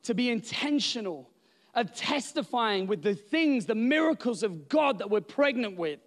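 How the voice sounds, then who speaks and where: Animated preaching man, dry close sound. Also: very high-pitched, moderate pace, no room sound. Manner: animated preaching, building to loud emphatic exclamations. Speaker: pastor. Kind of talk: sermon.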